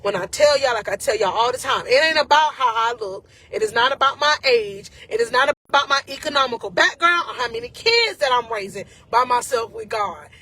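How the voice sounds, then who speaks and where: A woman's voice: fairly high pitch, animated, a little fast, few pauses, bright, forceful tone, breathy edge. A woman life coach giving an emotional, encouraging faith talk to her viewers, casual and often close to tears.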